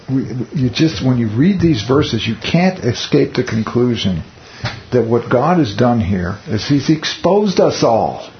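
A man leading a Bible study in a conversational teaching style. He asks the group rhetorical questions and makes wry, teasing asides. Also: mid-range voice. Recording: muffled lo-fi recording with faint hiss.

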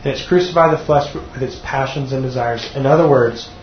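This is a man teaching a sermon at a church class, speaking briskly in a mid-range voice. He's earnest and keeps restarting, repeating words as he goes. The recording sounds dull and echoey, with slight background noise.

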